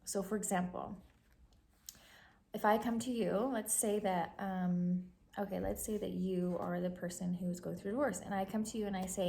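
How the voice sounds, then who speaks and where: Earnest woman giving advice over steady noise. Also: medium pitch, moderate pace, creaky, low-quality recording. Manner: warm, earnest and encouraging, acts out quoted remarks. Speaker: podcast host giving advice. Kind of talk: earnest advice talk to camera. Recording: audible steady background noise.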